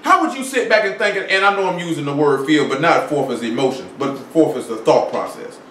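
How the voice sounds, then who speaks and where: A high-voiced man preaches a conversational sermon, full of rhetorical questions and readings from scripture. The sound is roomy and echoey. He stands some way back from the microphone. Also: lively intonation, brisk, fairly bright tone, slight background noise. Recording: echoey room, mic at a distance.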